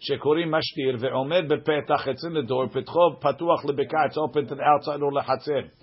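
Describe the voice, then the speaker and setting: A man's voice: on the high side, steady tone, fairly quick, breathy edge. A man teaching a Talmud class, reading each phrase of the text and then explaining it line by line. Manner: reads Aramaic text then translates it line by line. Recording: dull lo-fi recording.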